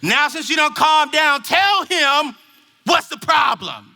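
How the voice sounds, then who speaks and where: A man's voice: very high-pitched, expressive, slow, creaky, sharp tone, pitched above the performer's own voice, full character voice. A man playing a stern, no-nonsense mother. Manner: firm, commanding.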